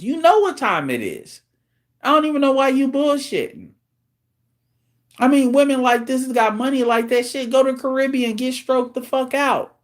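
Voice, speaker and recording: A man hosting a show, delivering a blunt, profane, incredulous rant in casual talk. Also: very high-pitched.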